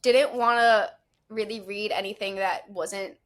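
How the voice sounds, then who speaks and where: A woman appearing as a guest on a podcast, speaking thoughtfully and earnestly. She works through long, reflective sentences about her craft. Her voice sits at an everyday middle pitch. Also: fairly even intonation, a little slow. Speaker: actress guest. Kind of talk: casual podcast interview.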